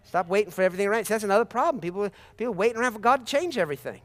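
A man's voice: high voice, expressive, very fast. A man preaching a sermon with impassioned, repetitive phrasing and sudden bursts of praise.

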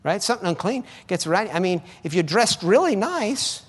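A man's voice: high-pitched, sing-song, normal speed, slightly rough, long reverb tail. A man preaching a sermon in an emphatic, conversational way, often repeating his phrases for effect.

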